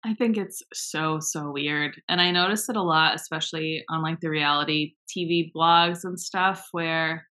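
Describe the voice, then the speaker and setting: Young woman, bright tense voice, slightly low, blunt sarcastic co-host, swears casually. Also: fairly even intonation. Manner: says she talks fast and mumbles words together. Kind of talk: casual chat.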